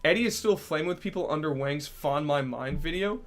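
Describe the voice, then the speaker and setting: A young man with a slightly high voice talks casually on a livestream. He answers chat, jokes and swears freely, and bursts out loudly at times. Faint music plays behind him. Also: fairly quick, hardly any pauses. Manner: joking and profane, with sudden loud outbursts. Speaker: streamer.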